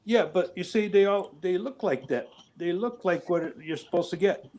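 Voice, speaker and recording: A man on a live stream panel, answering slowly and hesitantly and laughing a little. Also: high voice, mellow. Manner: slow, hesitant, laughs shyly. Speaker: panel guest. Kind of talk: casual chat on a live stream.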